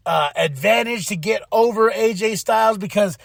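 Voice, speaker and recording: A man hosting a podcast, recapping a wrestling show in casual chat, excitable and acting out what people said. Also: sits high, normal speed, gravelly, no echo, clean studio sound. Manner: excitable, acts out quotes. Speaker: podcast host.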